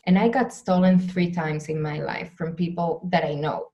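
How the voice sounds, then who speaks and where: A woman with an Israeli accent interviewing, telling stories in a lively way with acted-out screams and laughter. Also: low voice, normal speed. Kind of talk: conversational interview.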